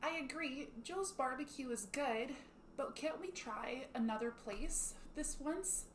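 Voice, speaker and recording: A worn-out, timid wife who pleads softly, played by a woman in a teaching role-play. The voice sits fairly high. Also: unhurried, echoey room, slight background noise. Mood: pleading.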